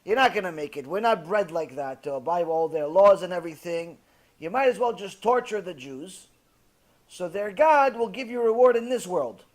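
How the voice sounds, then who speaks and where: A man's voice: sits high, animated, moderate pace. A man voicing the scornful spirit of a dead Roman royal, boasting and dismissive.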